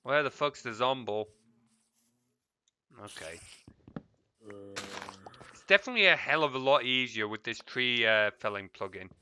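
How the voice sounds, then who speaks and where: A man's voice: mid-range voice, expressive, unhurried, long pauses, pushed and bright, slight background noise. Chatty, swearing man streaming a game. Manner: swears freely, mutters asides, chats to viewers. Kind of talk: casual gameplay stream chat.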